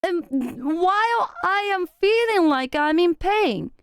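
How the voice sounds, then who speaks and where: A young woman streaming to her viewers, chatting casually and animatedly, laughing often, swearing for effect, and dropping in quick Japanese phrases. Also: very high-pitched, animated, no room sound, clean studio sound.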